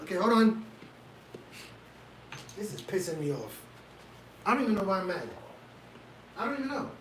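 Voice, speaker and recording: A man's voice: high voice, very animated, normal speed, long pauses, fairly bright tone, a little hiss or hum. A man hosting a casual livestream, ranting in an exasperated way and talking straight to his chat from a room at home. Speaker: livestream host reacting to fights.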